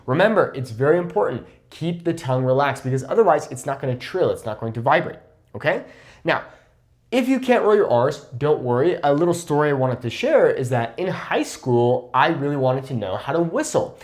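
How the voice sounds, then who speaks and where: A young man teaching Spanish pronunciation in an online lesson, encouraging and patient, checking in with "okay?" after each point and modelling words slowly. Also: on the high side, big pitch swings.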